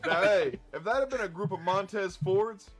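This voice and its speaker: A podcast co-host with a fairly high voice tells a story in a loose, profane, animated way. He acts out what people said as he goes. A clear music bed runs behind him. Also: normal speed. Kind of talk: casual storytelling chat.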